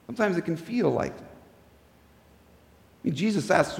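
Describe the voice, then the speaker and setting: A man preaching a sermon as pastor, earnest, often restarting his words and dropping into soft asides. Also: on the high side, normal speed, pauses often, roomy sound, big-room sound.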